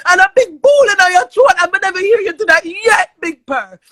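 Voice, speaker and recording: A woman pours out a furious, swearing livestream rant in a very high, bright, sharp voice. She shouts often and sounds close to tears. The sound is dry and close, with no room echo. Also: expressive, normal speed. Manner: angry, loud and profane, often near tears. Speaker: live streamer.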